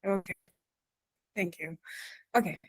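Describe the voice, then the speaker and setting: A woman teaching pronunciation in an online lesson, modeling words slowly and checking in with her students. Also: on the low side, slightly rough, dry recording, poor audio. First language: Arabic. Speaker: accent teacher.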